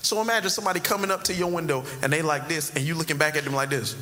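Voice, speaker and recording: A man's voice: a little high, racing, sharp tone. A male pastor preaching a conversational sermon in a church, with sudden emphatic rises. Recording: long hall reverb, faint background noise.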